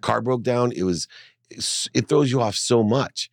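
A middle-aged man, a guest in an interview, telling a personal story in an earnest, animated way. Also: mid-range voice, measured pace, no room sound, clean studio sound. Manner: earnest, animated, acts out his mother's voice in dialogue. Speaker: guest, entrepreneur and speaker. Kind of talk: emotional storytelling in a podcast interview.

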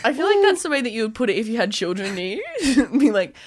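Giggly animated woman. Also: on the high side, quick pace. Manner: giggly, animated, riffs on jokes. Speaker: podcast co-host. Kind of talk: casual chat.

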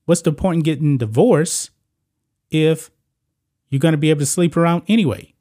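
Blunt, moralizing man with a higher voice. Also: normal speed, mellow. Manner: blunt, moralizing, talks directly to viewers. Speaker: channel host. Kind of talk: opinionated celebrity news commentary.

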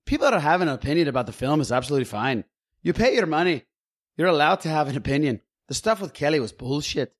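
A man's voice: on the high side, expressive, quick pace, pitched above the performer's own voice. A man doing an exaggerated put-on Scottish accent while reading out a statement. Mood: indignant.

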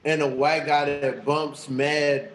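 A man's voice: fairly high pitch, flat delivery, slow, a little hiss or hum. A man in casual chat, bantering in a laid-back, joking way.

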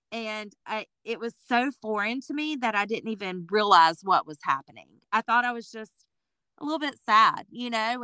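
This interview guest, a woman in her forties who owns a boutique, speaks in a clean, mid-range voice on a dry recording. Her conversational account is lively, complete with impressions of what people said to her.

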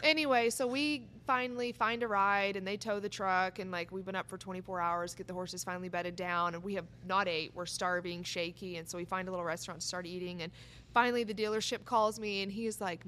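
A woman telling a road-trip story in a casual chat, lively and laughing, acting out what people said. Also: medium pitch, brisk, a little hiss or hum. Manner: animated, laughing, acts out quotes. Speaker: guest, barrel racer.

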